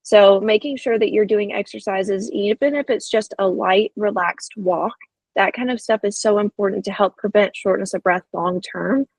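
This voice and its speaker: Gravelly, husky woman podcast co-host. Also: mid-range voice, normal speed, darkish tone, dry recording, rough recording. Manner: encouraging, conversational, with fillers. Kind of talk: casual health podcast chat.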